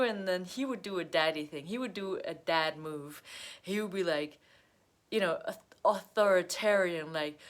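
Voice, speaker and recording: Chatty rambling woman telling a story. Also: on the low side. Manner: rambling, laughs often, acts out quoted voices. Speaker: astrology vlogger. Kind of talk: casual storytelling monologue.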